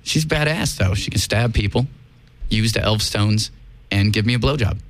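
A man's voice: on the low side, normal speed, a little hiss or hum. A man hosting a casual podcast, crude and laughing through loose banter. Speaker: podcast host. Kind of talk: casual crude comedy chat.

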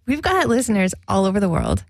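A woman hosting a radio show, chatting casually on air in quick, giggly bursts from a studio. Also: mid-range voice, huge pitch swings, vocal fry, dry recording. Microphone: studio mic.

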